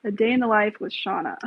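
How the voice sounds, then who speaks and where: A woman's voice: medium pitch, breathy edge, no room sound. A woman hosting a casual live stream, talking bluntly, with frequent swearing and rambling asides. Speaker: livestream host. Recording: tinny phone-like, dry sound.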